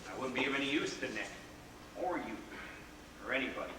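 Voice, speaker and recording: A man's voice: mid-range voice, lively intonation, fast talker, close to an everyday voice. An actor playing a whimsical, rebellious grown man, telling stories with theatrical, playful flourishes in a live stage play. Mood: pleading. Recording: echoey theater hall from far off, faint noise.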